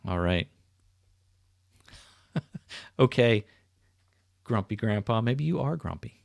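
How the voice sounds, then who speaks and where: A man's voice: on the low side, animated, slow, gravelly, dry recording, studio quality. A middle-aged man hosting a casual livestream, chatting easily and greeting viewers by name as he reads their comments. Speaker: livestream host. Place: home, indoors. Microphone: webcam setup.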